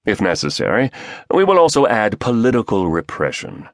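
A man voicing a smug, scheming male conspirator with a British accent and a baritone voice, measured and sneering. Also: huge pitch swings, no echo, studio quality.

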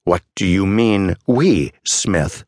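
A man's voice: sits low, takes it slowly, no echo, studio quality. A man voicing a rattled male doctor who snaps angrily in an audiobook. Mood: angry. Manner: sharp, angry outbursts.

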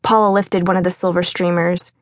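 A woman with a lowish voice narrates a novel for an audiobook, delivering the scripted text in an even, measured way.

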